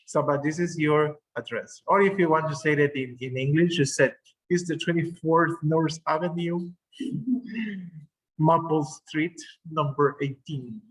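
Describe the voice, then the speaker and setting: A man's voice: a little high, poor audio. A male English teacher, explaining words patiently with examples over a video call. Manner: slow, explaining patiently with examples and self-corrections. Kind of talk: online class lesson.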